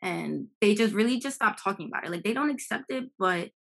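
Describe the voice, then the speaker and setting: A woman speaks in a mid-pitched voice with a gravelly, creaky edge. She is a guest in a casual podcast chat and talks in a relaxed way, hedging with many fillers. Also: brisk.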